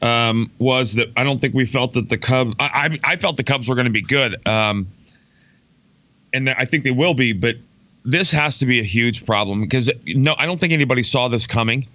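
A man's voice: medium pitch, moderate pace, sharp tone, no echo, dull audio. A man, a former baseball player co-hosting a sports show, talking casually with many ums and repeated words.

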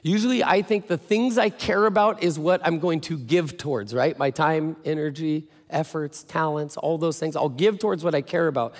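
A man's voice: fairly high pitch, moderate pace, few pauses. A male pastor giving a sermon in a casual, joking storytelling way. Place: church. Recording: echoey church hall.

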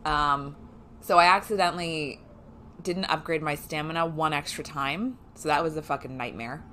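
A woman's voice: low-pitched, fairly even intonation, moderate pace, pushed and bright, a little hiss or hum. A woman chatting casually and swearing freely while streaming a game, often poking fun at herself. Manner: chatty, profane and self-mocking. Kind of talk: casual live gameplay chat.

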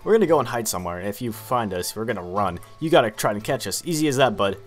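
A man's voice: lowish voice, animated, fast talker, soft background music, lightly acted. A man doing a brash gang-leader kid. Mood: taunting. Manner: swaggering, taunting.

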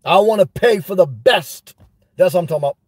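A man hosting a live stream, reading chat and telling a story in a loud, animated way, swearing often. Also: high-pitched, fairly quick, breathy edge, no room sound. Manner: animated, loud, swears a lot, repeats himself. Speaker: livestream host reading chat. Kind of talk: casual livestream rant.

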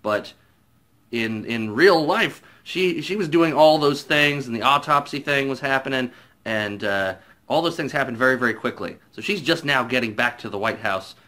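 A man's voice: mid-range voice, bright, forceful tone. A man chatting casually through a spoiler-filled movie review, retelling scenes in a rambling way.

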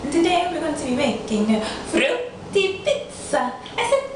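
A woman with a high-pitched, sing-song voice hosts a cooking demo in her kitchen at a measured pace, mock-speaking in a mixed accent and giggling at herself. The mic is far away in the echoey room, and background noise is audible.

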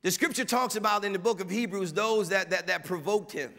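A male pastor preaching a sermon in a church, animated, dropping to quiet asides and rising to shouted mimicry. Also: high-pitched, a little fast, creaky, in a large hall. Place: church sanctuary.

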